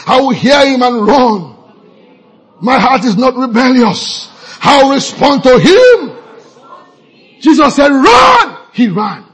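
A man preaching a sermon in church, calling out to the congregation and breaking into fervent shouts. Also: very high-pitched, sing-song, measured pace, slightly rough. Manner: fervent preaching with call-and-response, bursting into shouts. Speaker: pastor. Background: congregation responding.

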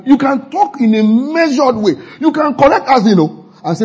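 A male pastor preaching a sermon in a warm, breathy voice. His pitch leaps and falls in wide, lively swings, and he repeats his points for emphasis. The recording sounds dull and lo-fi. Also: normal speed, hardly any pauses. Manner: acts out quoted gossip and repeats lines for emphasis.

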